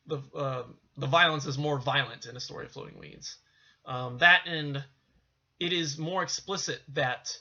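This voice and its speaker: A man's voice: mid-range voice, bright, forceful tone. A man casually recapping a film's plot, rambling with many fillers and restarts. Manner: rambling, full of "you know" and restarts. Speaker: film reviewer. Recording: dull lo-fi sound.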